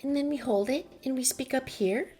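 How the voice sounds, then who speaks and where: A man putting on a soft, lifted feminine voice to demonstrate the technique. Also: very high voice, normal speed, soft background music, pitched above the performer's own voice. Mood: demonstrating. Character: young man's demo feminine voice, light.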